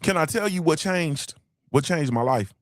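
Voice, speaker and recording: Man on a livestream podcast preaching about discipline, kinda high voice, dry close mic, swears, keeps asking you feel me. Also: expressive, moderate pace, no room sound. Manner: preachy, repeats lines for emphasis, "you feel me"; swears casually. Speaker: podcast host. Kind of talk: motivational livestream talk.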